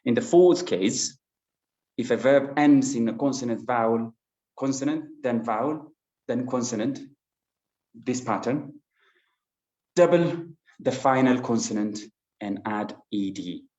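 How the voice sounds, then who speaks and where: Pria guru bahasa Inggris yang sabar, bicara pelan, suara agak redup di ruangan bergema. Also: male voice, medium pitch, a little mellow. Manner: patient, explains slowly with many fillers and restarts. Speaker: English teacher. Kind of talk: online class lesson. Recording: dull lo-fi sound in an echoey room.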